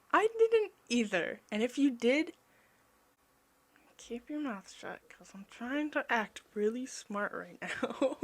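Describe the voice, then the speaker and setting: Slow, rambling young woman vlogger. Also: a little high. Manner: rambling, self-mocking, easily excited. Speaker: artist vlogger. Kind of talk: casual voice-over chat.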